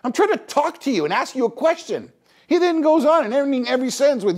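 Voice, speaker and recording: A man's voice: very high-pitched, big pitch swings, fast, darkish tone. A middle-aged man from Canada hosting a podcast, delivering a scolding, exasperated opinion monologue. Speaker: podcast host.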